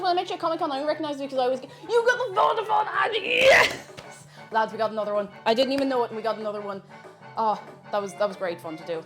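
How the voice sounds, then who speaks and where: Young Irish woman, a bright-pitched and chatty live-stream host, with faint music behind her. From Ireland. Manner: chatty, reads out chat messages. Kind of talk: casual live-stream chat while cooking.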